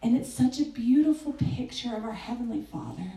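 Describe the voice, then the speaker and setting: A woman giving a conversational sermon. She tells a story and sometimes hushes her voice for quoted lines. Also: on the high side, lively intonation, a little fast. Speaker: speaker at a church gathering. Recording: echoey room, distant mic.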